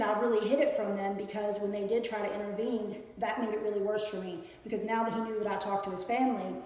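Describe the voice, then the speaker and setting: A woman telling a personal story in a casual storytime, earnest and hesitant, filling pauses with fillers while she paints. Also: medium pitch, darkish tone. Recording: echoey room with long reverb.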